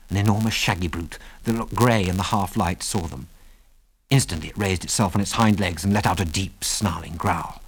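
A man's voice: low-pitched, normal speed. Man reading an adventure story aloud. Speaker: narrator.

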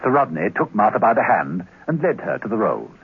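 Guy narrating a radio thriller, super animated voice, tinny sound with music behind. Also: on the low side, fairly quick, breathy edge. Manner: expressive, dramatic storytelling. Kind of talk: scripted radio drama narration.

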